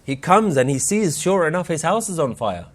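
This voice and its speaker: Speaking at a normal speed in a slightly high, very animated voice, this man delivers an earnest spiritual workshop talk as a Sikh speaker. He tells stories and quotes scripture, his voice rising and falling for emphasis.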